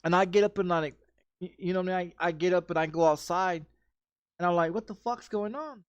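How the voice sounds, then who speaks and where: A man's voice: high-pitched, flat delivery, fast talker, clear, resonant tone, no echo. A man telling a rambling story in casual chat, swearing often and repeating himself with frequent restarts. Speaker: streamer.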